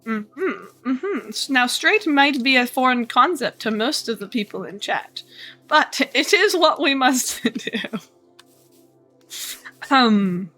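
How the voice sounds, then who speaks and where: A woman streaming a game talks casually to her chat, her sarcasm landing in a slow, drawn-out delivery. Her voice sits a little high and sounds bright and forward, with faint game music underneath. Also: expressive. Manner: sarcastic, mock-bored asides to chat. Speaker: live streamer. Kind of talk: casual livestream chat while gaming.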